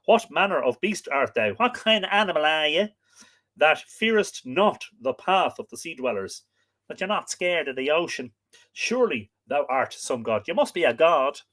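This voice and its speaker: A man's voice: fairly high pitch, very animated, normal speed, fairly bright tone, pitched above the performer's own voice. A man reading aloud the lines of an amazed young woman, giving archaic words and then their plain sense.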